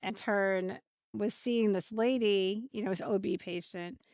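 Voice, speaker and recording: A woman co-hosting a podcast, chatting and telling stories in an animated way with frequent bursts of laughter. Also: mid-range voice, a little slow, no room sound, studio quality. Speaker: podcast co-host. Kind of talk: casual podcast chat.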